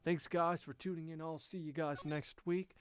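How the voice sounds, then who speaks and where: A man's voice: fairly high pitch, fairly even intonation, moderate pace. A man with a sore throat signing off his video in a friendly, upbeat way. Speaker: YouTube voice-over creator. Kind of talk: casual sign-off.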